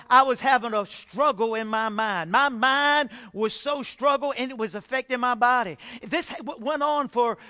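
A middle-aged pastor shares his personal testimony from the pulpit in a high, bright, forward voice. He alternates between loud, emphatic bursts and quiet, confessional moments, clearly in a sermon style.

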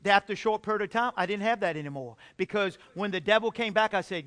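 High, bright-voiced man preaching. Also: fast talker, few pauses. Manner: emphatic, testimony-style preaching with swings in loudness. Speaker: pastor. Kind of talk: sermon.

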